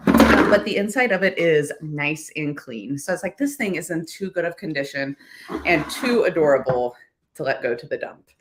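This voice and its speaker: A woman's voice: deep voice, expressive, moderate pace, roomy sound, a little hiss or hum. A woman chatting casually and upbeat to viewers about her thrift finds. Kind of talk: casual haul vlog.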